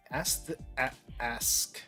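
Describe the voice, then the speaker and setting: A woman's voice: very deep voice, bright, forceful tone. A woman from the Philippines hosting a stream, chatting casually and laughing as she reads and plays a text adventure, repeating phrases, with faint music behind. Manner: laughs a lot, repeats phrases while reading and typing. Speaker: streamer host. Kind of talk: casual chat while playing a text adventure.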